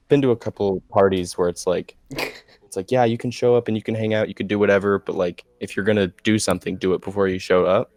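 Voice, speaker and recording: Low-voiced man with dry jokes. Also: fairly even intonation, fairly quick, darkish tone, no echo. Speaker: podcast co-host. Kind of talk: casual chat.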